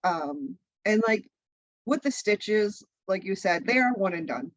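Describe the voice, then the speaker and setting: A woman in her thirties, a guest chatting in a casual interview, lively and laughing often. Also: mid-range voice, a little slow, dry recording, low-quality recording. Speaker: guest, content creator.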